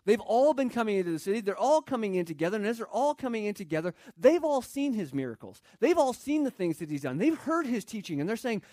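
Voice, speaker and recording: A man's voice: high-pitched, big pitch swings, fast, hardly any pauses, warm tone, dry recording, studio quality. A man preaching a sermon, earnest, quoting scripture and building in intensity. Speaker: pastor.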